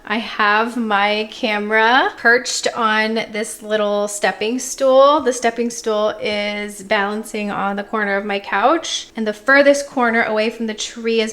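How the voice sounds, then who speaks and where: A young woman vlogging casually at home, chatty and self-narrating, at times bursting into high excited squeals. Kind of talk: casual vlog chat. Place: home living room with Christmas tree.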